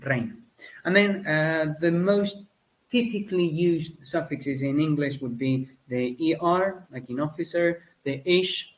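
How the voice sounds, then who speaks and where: A man from Spain teaching a lesson, with many fillers, pauses and self-corrections. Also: a little high, rough recording. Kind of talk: spoken lecture.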